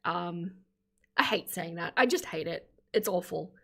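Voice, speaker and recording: A woman's voice: fairly low pitch, measured pace, vocal fry. Woman host, thirties, chatty reaction-stream commentary. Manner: chatty, opinionated, thanks viewers warmly. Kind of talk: casual commentary livestream.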